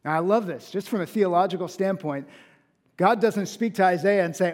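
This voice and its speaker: A man preaching with earnest conviction. His voice sits a little high for a man, and it rings with a long hall reverb. He rises to emphatic peaks, then slows right down on the words that matter. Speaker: pastor. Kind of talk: sermon.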